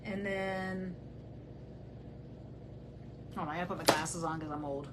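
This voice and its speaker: A woman's voice: fairly low pitch, fairly even intonation, a little slow, very noisy. A woman hosting a true crime channel, giving casual commentary as she reads messages aloud, blunt and heated as she talks back to the person she discusses.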